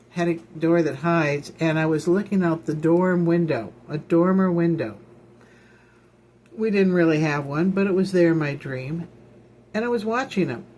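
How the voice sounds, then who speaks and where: A woman's voice: fairly low pitch, darkish tone, slight background noise. A woman minister from Illinois, giving an informal, rambling ministry talk with folksy asides and repeated phrases. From Illinois, United States.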